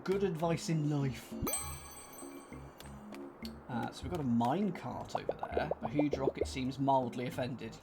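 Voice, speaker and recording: A man's voice: mid-range voice, a little slow, creaky, pauses often, over music. A man casually commenting as he plays a puzzle game, with self-deprecating jokes and mumbled thinking aloud. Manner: self-deprecating, jokey asides. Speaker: let's-play host.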